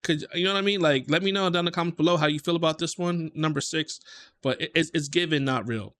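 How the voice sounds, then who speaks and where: A man's voice: on the high side, quick pace, fairly bright tone. A man hosting a reaction video, talking casually and repeating himself as he insists he does not believe a clip. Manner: emphatic, repeats himself in disbelief.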